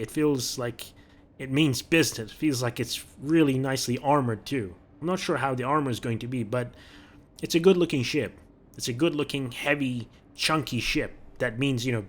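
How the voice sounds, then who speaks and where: A man giving casual, chatty commentary over gameplay, often repeating words as he thinks aloud. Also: medium pitch. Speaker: gaming video creator.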